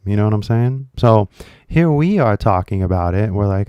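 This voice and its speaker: A man's voice: fairly low pitch, very animated, moderate pace, mellow, no room sound, lo-fi sound. A man from California, talking casually as an English teacher, rambling and full of fillers. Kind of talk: casual podcast talk.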